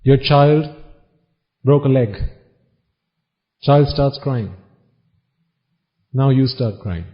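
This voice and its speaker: A man preaching a Buddhist sermon at a mid pitch, putting question after question to his listeners and answering each one himself. He slips into rapid Pali chanting now and then. The recording is dull and lo-fi. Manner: chants Pali phrases quickly. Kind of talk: dharma talk sermon.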